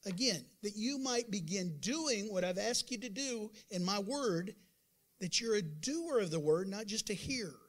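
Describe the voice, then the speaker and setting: A male pastor preaching a sermon to his congregation, emphatic with sudden loud bursts, chatty, calling out to the room. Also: high-pitched, animated, measured pace. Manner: conversational, acts out doubters' voices.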